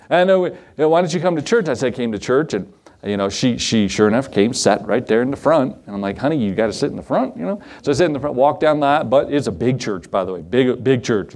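A middle-aged man preaching a sermon, telling folksy stories with frequent chuckles and big swoops in pitch. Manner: folksy, chuckling storyteller with lively pitch swings. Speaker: pastor.

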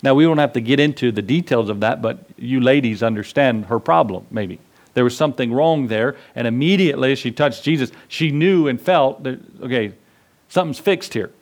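A man's voice: medium pitch, brisk. A man preaching a sermon as pastor, talking in a conversational way with jokes, rhetorical questions and key words drawn out for emphasis.

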